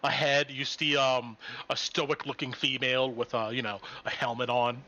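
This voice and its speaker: Bright-voiced game master man. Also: mid-range voice, flat delivery, dull audio. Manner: measured descriptive narration with fillers. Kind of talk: narrating a tabletop game.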